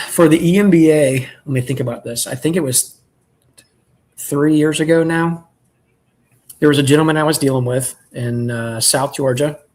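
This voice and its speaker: A man who keeps bees, telling a story in relaxed, rambling chat and clearing his throat often. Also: mid-range voice. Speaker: beekeeper selling nucleus colonies.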